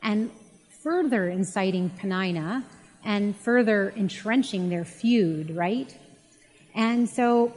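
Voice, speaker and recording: A woman's voice: medium pitch, slow pace, a little mellow. A woman giving a casual, chatty Bible teaching and retelling the story in a conversational way. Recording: long reverb.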